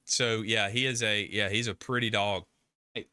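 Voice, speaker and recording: An older man hosting a casual live stream, rambling and emphatic as he restarts his sentences. His voice is very bright and forceful, smooth and crisp, and the sound is dry and close. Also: fairly low pitch, steady tone, normal speed, no room sound.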